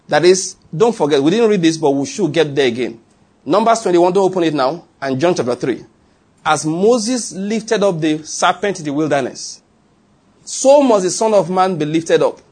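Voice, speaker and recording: A man preaching a sermon, reading scripture aloud and explaining it, slowing down to stress key phrases. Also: a little high, lively intonation, a little mellow, breathy edge.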